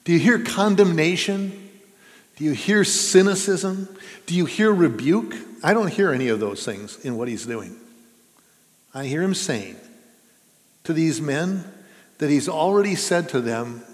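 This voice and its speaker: A man's voice: a little high, lively intonation, unhurried, pauses often. A man preaching a sermon as pastor, earnest and conversational, asking his listeners questions. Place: church sanctuary. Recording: reverberant church hall.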